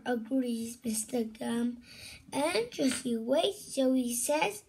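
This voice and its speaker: A woman reads a children's story aloud in a high voice with a gravelly rasp. She goes slowly and deliberately, repeating phrases and stopping now and then to comment. A faint hiss sits behind her. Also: expressive, a little mellow, recorded from a distance, poor audio.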